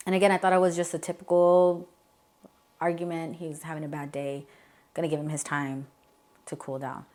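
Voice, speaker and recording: A young adult woman as an interview guest, telling a painful personal story in a candid, halting way with many fillers. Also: deep voice, little pitch movement, darkish tone. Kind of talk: emotional personal account.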